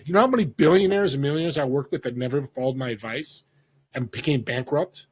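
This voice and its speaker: Here a man with a medium-pitched, breathy voice talks fast. He's a Northern Californian in his fifties, a podcast guest animatedly telling a story and voicing the people he quotes during a casual storytelling interview.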